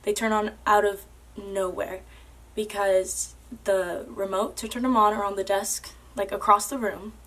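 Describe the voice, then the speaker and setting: A woman's voice: medium pitch, fairly even intonation, a little slow, fairly bright tone. Earnest young woman telling a personal story. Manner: earnest, with many fillers like "like" and "um".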